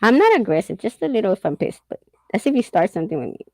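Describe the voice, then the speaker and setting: A woman's voice: mid-range voice, very animated, very fast, mellow, no room sound, low-quality recording. A middle-aged woman chatting candidly and casually, swearing and laughing often as she talks. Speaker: host. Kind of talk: casual chat.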